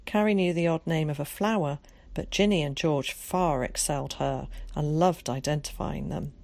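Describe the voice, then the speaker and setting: A woman narrates a children's storybook in a steady, measured reading voice that sits on the lower side. She shifts into character voices when people speak. The recording is close and dry, with no room sound. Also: no room sound. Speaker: audiobook narrator.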